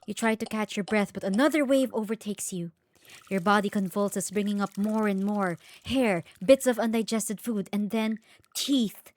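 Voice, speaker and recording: A woman's voice: medium pitch, normal speed, a little mellow. A woman streamer reading a horror game's text aloud with dramatic, tense narration and shocked asides.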